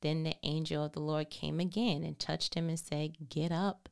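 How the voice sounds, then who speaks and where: A woman podcast host reading Bible verses aloud and calling out verse numbers, then breaking into animated, playful commentary with casual slang. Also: low-pitched, normal speed, vocal fry, clean tone.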